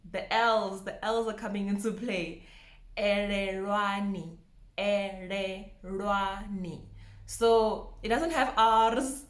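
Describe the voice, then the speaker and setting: A woman teaching a pronunciation lesson, slowly repeating each word with care. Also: fairly high pitch, echoey room. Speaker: language teacher.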